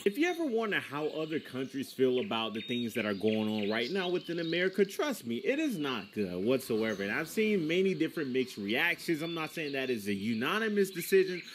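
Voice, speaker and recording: A man's voice: on the high side, sing-song, a little fast, hardly any pauses, slight background noise. A man hosting a commentary video, speaking emphatically and calling his viewers guys. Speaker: channel host.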